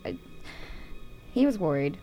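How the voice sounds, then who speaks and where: A woman's voice: on the low side, sing-song, a little slow, mellow, soft background music. A woman in a casual chat, talking hesitantly and laughing often.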